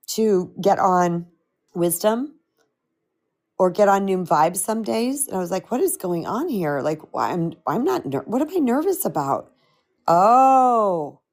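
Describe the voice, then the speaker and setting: A middle-aged woman coaching on a live stream, with a slightly crackly voice, talking in an animated, chatty way and answering viewer comments. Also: mid-range voice. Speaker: spiritual empowerment coach.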